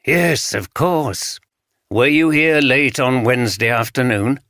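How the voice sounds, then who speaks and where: A kindly police detective who speaks gently and reassuringly, read by a male audiobook narrator. The voice is bright and clear, recorded dry and close. It stays near the narrator's own tone. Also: mid-range voice, animated, takes it slowly, dry recording. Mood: gentle.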